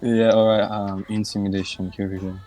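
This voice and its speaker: A man's voice: fairly low pitch, level tone, a little fast, warm tone, faint music behind. A man playing in a tabletop game, talking casually and bluntly, with some swearing. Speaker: player.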